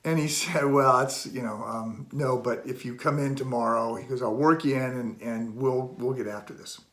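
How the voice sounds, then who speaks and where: A middle-aged man speaks as a pastor in a relaxed devotional, his voice sitting at an ordinary pitch. He tells a story animatedly and jumps up in pitch when acting out the people in it. The sound is roomy, with noticeable echo from the house around him. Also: moderate pace. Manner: animated, acts out dialogue with rising pitch. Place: relatives' home.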